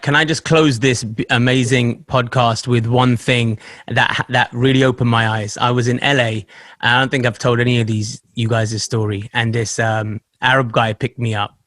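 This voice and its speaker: A man hosting a podcast in casual chat, telling stories in an animated way with laughter and swearing. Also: medium pitch, moderate pace, no echo. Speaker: podcast host.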